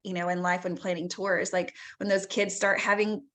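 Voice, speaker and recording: A woman's voice: fairly low pitch, little pitch movement, normal speed, fairly bright tone. A woman hosting a casual fan podcast, chatting and reading quotes aloud. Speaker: podcast host. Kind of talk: casual chat.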